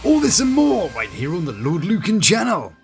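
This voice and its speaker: A man's voice: sits high, wildly swooping pitch, normal speed, creaky, soft background music. A British man giving sarcastic, jokey scripted commentary on reality TV, with mock-theatrical asides. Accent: British English. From Britain. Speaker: reality TV reviewer.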